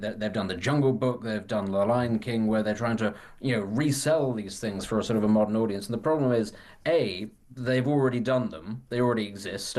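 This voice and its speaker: A man's voice: fairly low pitch, a little mellow. A man appearing as a commentator guest on talk radio, wry and articulate.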